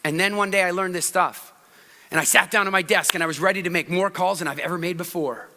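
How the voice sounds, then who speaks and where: A man giving a live talk on public speaking to an audience, swinging between loud, fast bursts and soft, slow passages. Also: sits high, fairly even intonation, a little hiss or hum. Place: large event hall. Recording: long reverb of a large hall.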